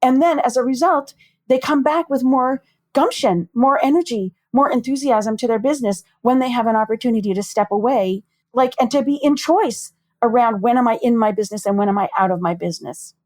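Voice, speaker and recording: A woman therapist, a podcast guest, speaking in a calm, deliberate counseling tone. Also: fairly high pitch, no room sound. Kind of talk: measured, reflective interview talk.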